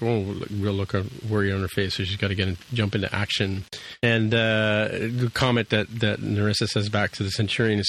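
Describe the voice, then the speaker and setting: A man with a fairly low voice talks through a TV episode in casual podcast chat. He rambles, circles back with ums and restarts, and keeps going. A faint hiss sits under the recording. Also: fairly bright tone, rough recording. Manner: rambling, many fillers and restarts. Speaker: podcast co-host recapping an episode.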